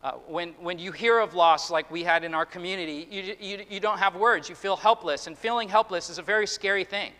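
A man preaching a sermon as pastor, earnest and halting, often restarting his words. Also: high-pitched, bright, forceful tone. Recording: long reverb of a hall.

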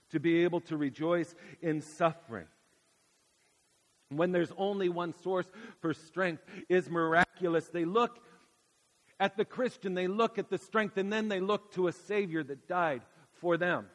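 A man delivers a sermon in a high voice, telling stories dramatically. He drops to a hush, then bursts out loud. The sound carries a long reverb. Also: unhurried. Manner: dramatic storytelling, swings from hushed to loud. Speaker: preacher.

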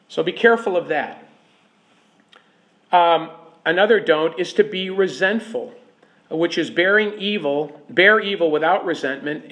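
A man's voice: a little high, a bit bright. A man teaching a Bible class as pastor, chatty, checking in with the group for agreement as he goes. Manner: chatty, asks the room for agreement. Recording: echoey room.

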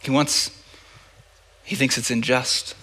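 Bright-voiced male pastor preaching. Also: mid-range voice, level tone, slow pace. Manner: conversational, stumbling and repeating words. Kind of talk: sermon. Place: church sanctuary. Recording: long reverb of a church hall.

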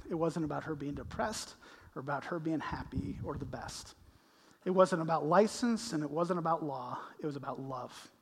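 A man with a high voice preaches a sermon in a church sanctuary that rings with long reverb. He drops to a hush, then swells to loud, and slows right down for scripture. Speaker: pastor. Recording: echoey hall with long reverb.

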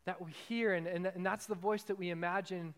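High-voiced preaching man in reverb. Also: fairly even intonation, a little fast, clear, resonant tone. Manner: earnest, repeats key lines for emphasis. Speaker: pastor. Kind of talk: sermon.

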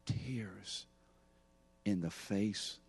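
Speaking very slowly, a pastor preaches with a lowish, darkish voice marked by vocal fry and a breathy edge. He teaches and puts questions to members of the congregation, naming who should answer.

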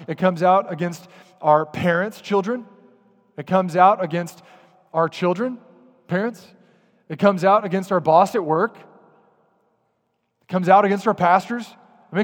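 A man preaching a sermon as pastor, lively and direct, sometimes acting out muttered grumbling. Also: high voice, big-room sound. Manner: animated, acts out grumbling voices.

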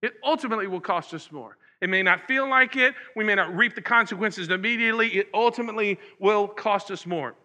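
A man's voice: high voice, brisk, hardly any pauses, bright, forceful tone. A man preaching a sermon, reading scripture and explaining it with casual asides. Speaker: pastor.

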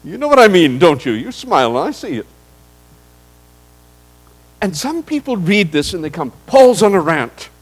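A man's voice: high voice, big pitch swings, normal speed, pauses often, breathy edge, poor audio. A man preaching a sermon to his congregation, speaking to them directly with rising and falling emphasis. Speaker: pastor. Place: church.

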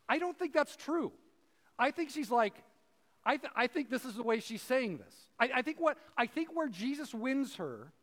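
A man preaching a casual, animated sermon to an audience, acting out voices as he goes. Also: very high voice. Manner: casual and animated, acts out voices, many fillers. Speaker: preacher and professor. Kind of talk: conversational sermon. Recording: long reverb of a large hall.

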